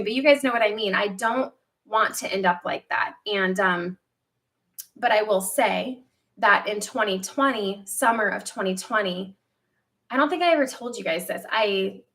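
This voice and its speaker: A woman in her thirties hosting a casual livestream from home, telling a personal story candidly, with lively quoted asides. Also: medium pitch. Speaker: livestream host.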